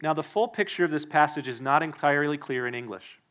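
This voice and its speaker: A male pastor preaching a sermon in a church, emphatic and quick to act out the people he quotes. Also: fairly high pitch, fairly bright tone. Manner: emphatic, acts out the quoted speakers.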